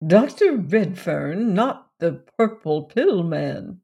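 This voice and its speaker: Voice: medium pitch, big pitch swings, slow, vocal fry, darkish tone, husky, heavily acted. A narrator doing a stony, unforgiving mother. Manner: cold, stony.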